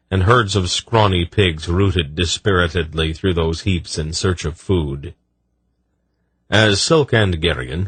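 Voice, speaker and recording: Audiobook narrator: man, very low, husky, measured. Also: dry recording. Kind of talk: scripted narration.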